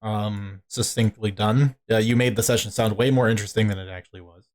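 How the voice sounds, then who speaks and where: A man's voice: lowish voice, fairly even intonation, brisk. Rambling man running a tabletop game. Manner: rambling, many filler words. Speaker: game master.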